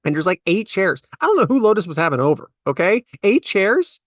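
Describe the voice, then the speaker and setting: A middle-aged podcast co-host talks at a quick pace in a casual chat, recounting everyday stories with animated exasperation and big jumps in pitch. The recording is dry with clean studio sound.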